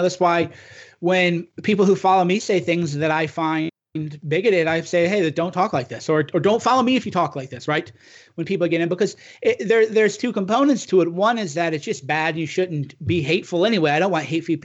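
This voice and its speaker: A man with a notably high voice talks politics in an earnest, emphatic way and keeps restarting his sentences. The recording is dull and lo-fi, with muffled highs. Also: fairly quick. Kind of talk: casual political chat.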